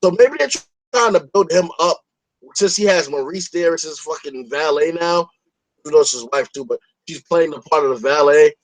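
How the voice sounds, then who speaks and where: A man's voice: fairly high pitch, moderate pace, low-quality recording. A man hosting a podcast in a casual chat, opinionated and rambling, swearing freely. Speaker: podcast host.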